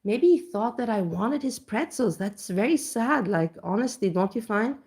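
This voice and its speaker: In her home kitchen, a woman vlogger chats casually in a reaction-style video, telling a rambling, self-mocking story full of restarts. Her voice is on the high side, animated and darkish, at a moderate pace.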